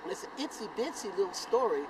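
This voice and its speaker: Older man from South Carolina telling an animated story. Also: quick pace, noisy background. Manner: animated, sound effects like boom and bam, acts out voices. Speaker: channel host telling a personal story. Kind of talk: casual storytelling to camera.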